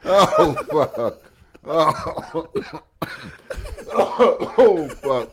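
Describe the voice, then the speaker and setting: Male podcast co-host with a very lively, higher voice and clear background noise, swears and laughs along. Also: drawn-out words. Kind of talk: casual podcast chat.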